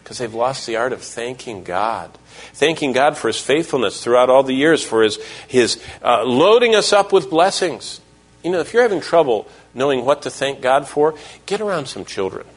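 A man's voice: mid-range voice, big pitch swings, moderate pace. A middle-aged male pastor preaching a sermon, telling stories and quoting scripture and the people in them. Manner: storytelling, quoting scripture and voices in dialogue.

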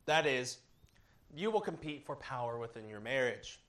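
Man, pastor, sermon, earnest, measured, mid-range pitch. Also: expressive, a bit bright. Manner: earnest, measured delivery with occasional fillers. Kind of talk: sermon teaching.

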